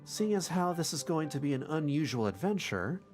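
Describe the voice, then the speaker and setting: A streamer reading a reserved, nerdy young male crew member's lines in a plain, measured voice. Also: mid-range voice, big pitch swings, darkish tone, faint music behind, close to an everyday voice. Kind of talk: reading game dialogue aloud.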